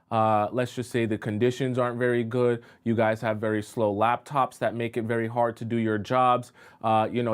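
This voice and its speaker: A man's voice: mid-range voice, clear, resonant tone. A male dating coach talking live to viewers, explaining points and often checking in with them. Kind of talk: live-streamed advice talk.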